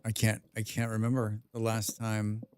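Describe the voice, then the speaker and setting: A man's voice: on the low side, completely flat delivery, moderate pace, a little mellow, slight background noise. A man live-streaming a survival game, reading viewer chat aloud and answering with dry, rambling jokes, humming and mumbling to himself in between.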